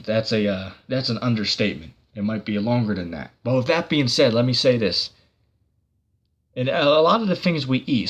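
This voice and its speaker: A man hosting a casual livestream, reading viewer comments and talking about scripture in a rambling way, full of fillers and restarts. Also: medium pitch.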